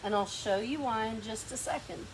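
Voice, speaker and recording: A woman's voice: a little high, moderate pace, noisy background. A woman with a lazy Southern drawl hosting a painting demo in a workshop, chatting and coaching a helper as she works. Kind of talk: hands-on demonstration.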